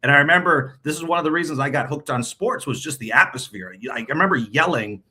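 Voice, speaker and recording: Middle-aged guy, bright voice, rambly with lots of restarts, chatting as a guest. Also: fairly high pitch, animated, quick pace, breathy edge. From New England. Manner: rambling, many restarts and repeats. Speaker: guest, team broadcaster. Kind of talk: casual interview chat.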